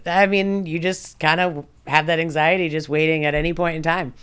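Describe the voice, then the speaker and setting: Profane, animated woman telling stories. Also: sits low, moderate pace, clean tone. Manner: animated, profane, laughs often, acts out quotes. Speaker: podcast guest. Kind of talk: casual storytelling.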